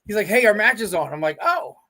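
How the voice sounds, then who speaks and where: A man's voice: high-pitched, fast. A middle-aged man, a veteran wrestler, telling stories as a guest and voicing the people he quotes. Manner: animated storyteller, quotes people in their own voices. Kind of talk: casual storytelling interview.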